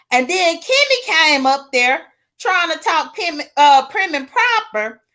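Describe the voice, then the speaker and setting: A woman doing sassy, animated gossip commentary, greeting viewers by name and laughing between points. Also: sits high. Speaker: livestream commentator.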